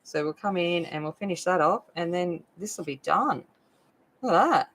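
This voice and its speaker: With a fairly low voice, lively intonation and normal speed, an Australian woman rambles casually through her adult coloring video, using lots of fillers as she colors. The audio is poor.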